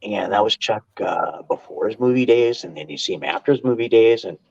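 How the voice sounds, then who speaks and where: An older man telling stories as a podcast guest, animated and quick to restart his sentences, on dull lo-fi audio. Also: fairly low pitch, gravelly, slightly rough. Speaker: guest, martial arts instructor. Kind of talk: casual storytelling interview.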